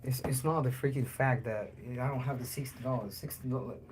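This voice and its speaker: A man's voice: medium pitch, steady tone, brisk, background noise. A man talking loosely on a livestream, joking and cursing as he answers chat. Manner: loose and joking, curses a lot, chats with viewers.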